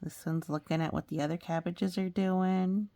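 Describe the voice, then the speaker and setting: A woman's voice: lowish voice, moderate pace, dry recording. A woman reading a picture book aloud to children and chatting about the pictures between passages. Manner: animated, talks to young listeners about the pictures. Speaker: storybook reader.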